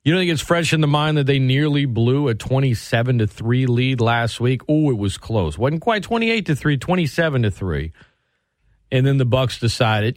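A man hosting a sports radio show, talking in an animated, sarcastic way and swinging his pitch for emphasis. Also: moderate pace, dry recording, clean studio sound. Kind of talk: opinionated sports talk.

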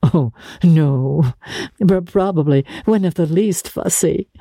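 An audiobook reader voicing a composed society woman who speaks quietly and naturally, in a mellow, husky tone. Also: mid-range voice, slow, no echo, studio quality, voice pushed up. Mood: calm. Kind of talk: audiobook character reading.

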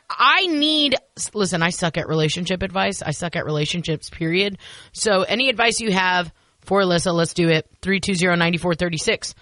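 Chatty self-deprecating lady radio host, bright sharp voice, dry studio sound. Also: mid-range voice, dry recording. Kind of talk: casual radio chat.

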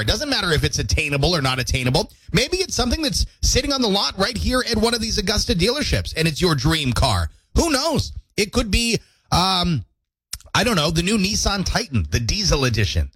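A man hosting a morning radio show, chatty and jokey, his throat squeaky from allergies. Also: big pitch swings, a little fast, a bit bright, slightly rough, dry recording. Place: radio studio.

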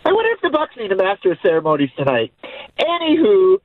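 A man's voice: high-pitched, huge pitch swings, fast, no room sound. A man calling in to a radio show, delivering dry jokes in a mock announcer manner over a phone line. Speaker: caller.

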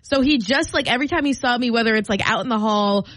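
A woman's voice: on the high side, fast talker, fairly bright tone, no room sound. A young woman co-hosting a morning radio show, chatting casually and filling her talk with "like.". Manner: chatty, filler-heavy with frequent "like".

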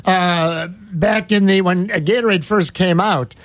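A man's voice: high voice, takes it slowly, a bit bright. A middle-aged man hosting a sports radio show, boisterous and rambling, full of jokes and tangents. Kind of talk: casual radio chat.

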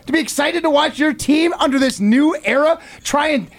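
A man's voice: extremely high pitch, normal speed. A man co-hosting a casual sports talk show, talking emphatically and ranting. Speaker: co-host.

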